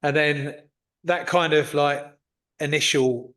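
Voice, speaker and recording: A man's voice: mid-range voice, animated, normal speed. A man hosting a podcast, chatting casually and telling anecdotes in which he acts out other people's lines. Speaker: podcast host.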